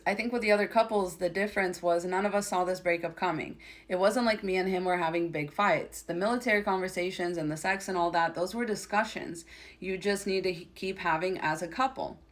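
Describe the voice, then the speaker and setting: A woman giving emphatic, opinionated commentary on a reality show, reading out quotes and reacting to them. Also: on the low side. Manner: reads quotes aloud, then opinionated and emphatic. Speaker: commentary creator.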